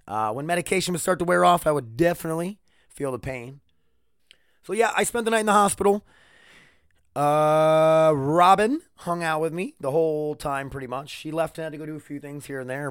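A man's voice: on the high side, clear, resonant tone, no echo, clean studio sound. A man hosting a casual solo podcast, rambling and swearing with jokes, sore and tired after neck surgery. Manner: rambling, profane, joking. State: in pain after neck surgery, wearing a neck brace. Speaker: podcast host.

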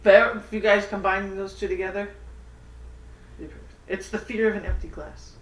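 A woman's voice: medium pitch, steady tone, normal speed, slight background noise. A woman co-hosting a podcast, chatting casually, laughing and sharing fun facts. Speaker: podcast co-host. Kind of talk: casual chat. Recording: echoey room, mic at a distance.

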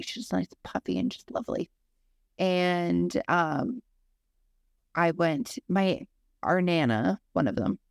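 A young woman with a low, gravelly voice tells a winding childhood story to her co-host. She keeps stopping to digress and fills her sentences with "um" and "like". The sound is close and dry. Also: darkish tone, no room sound. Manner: rambling, digressive storyteller with lots of fillers. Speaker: podcast co-host. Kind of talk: casual storytelling chat.

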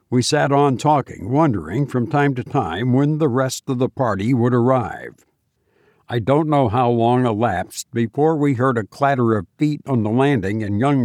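A man reading a ghost story aloud in a measured, low-key storytelling manner. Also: a little mellow, dry recording, clean studio sound. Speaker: narrator.

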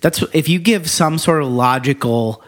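A man co-hosting a podcast, recapping a movie in relaxed, casual chat with easy laughs and some swearing. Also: a little high, normal speed. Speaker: podcast co-host.

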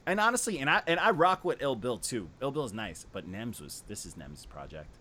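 A young man co-hosting a casual music review podcast, animated and slangy, swearing and repeating himself. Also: medium pitch, brisk. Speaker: podcast co-host.

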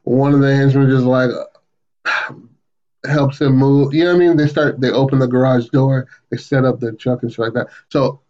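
A man on a podcast recaps a story in loose, casual chat, swinging his pitch up whenever he quotes a character. His mid-range voice comes through muffled, like a poorly checked mic. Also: normal speed. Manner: animated retelling, acts out quotes with raised pitch. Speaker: podcast co-host.

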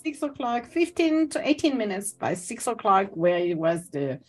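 A woman's voice: medium pitch, sing-song, moderate pace, faint music behind. A woman in her forties co-hosting a casual podcast, talking candidly and poking fun at herself, with frequent laughs. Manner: candid, self-mocking, laughs often. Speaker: podcast co-host.

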